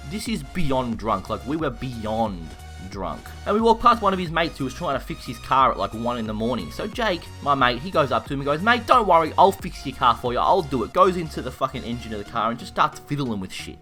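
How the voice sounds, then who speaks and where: A young Australian man telling a story in a rowdy, profane, animated way. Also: medium pitch. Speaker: YouTuber. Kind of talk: casual storytelling while gaming.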